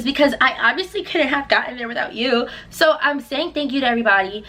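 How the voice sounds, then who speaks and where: A young woman telling a casual storytime vlog, acting out her own quotes with big jumps in pitch. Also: animated, fast, bright, forceful tone. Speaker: singer and vlogger.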